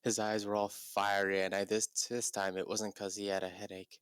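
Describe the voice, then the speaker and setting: A young man giving a comedic dramatic reading in a deadpan voice, with exasperated asides. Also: fairly low pitch, moderate pace, smooth, no room sound. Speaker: YouTuber.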